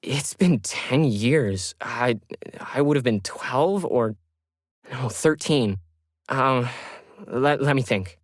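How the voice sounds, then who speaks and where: A woman's voice: very deep voice, expressive, takes it slowly, no room sound, studio quality, heavily acted. A man voicing a young woman video star who stammers and sounds flustered in an audio story. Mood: distressed. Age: young adult.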